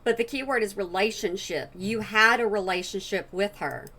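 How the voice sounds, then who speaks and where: A woman's voice: mid-range voice, normal speed, pushed and bright, slight background noise. A woman giving blunt, opinionated casual commentary as a reaction channel host.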